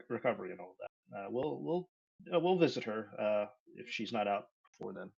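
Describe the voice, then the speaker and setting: A man's voice: fairly low pitch, animated, fairly quick, gravelly, a little mellow, husky. A man playing a tabletop game, speaking in character with jokes and stammering. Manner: joking, stammering. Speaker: player. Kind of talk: in-character tabletop role-play. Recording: dull lo-fi mic.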